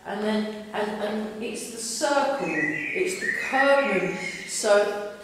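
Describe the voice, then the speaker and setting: A woman's voice: mid-range voice, lively intonation, slow. A woman with a London accent teaching a tai chi class, chatty, often restarting her sentences. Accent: London English. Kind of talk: guiding a class through exercises. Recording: echoey hall, distant mic, loud background noise.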